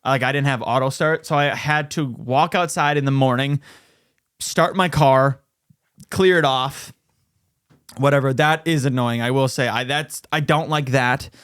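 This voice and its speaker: A man's voice: mid-range voice, a little slow, a bit bright, clean tone, no echo, clean studio sound. A young man co-hosting a podcast, laid-back casual chat with frequent swearing. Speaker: podcast co-host.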